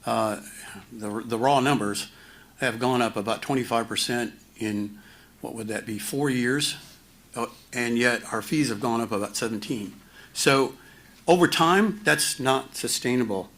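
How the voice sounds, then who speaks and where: A man presenting finance slides at a community town hall, halting with many fillers and restarts and a dry, self-mocking humor. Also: mid-range voice, a bit bright.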